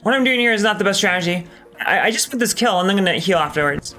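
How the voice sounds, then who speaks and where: A man's voice: sits high, expressive, fast, pushed and bright, faint music behind. A man doing live gameplay commentary as a streamer, talking casually and candidly, swearing often and hesitating with many ums. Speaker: game streamer.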